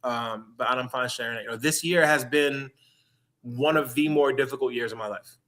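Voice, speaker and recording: A man from New York City talks in a candid interview, earnest and reflective, stopping and restarting his thoughts. His voice is bright and forward, at an ordinary pitch for a man. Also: moderate pace. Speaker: guest.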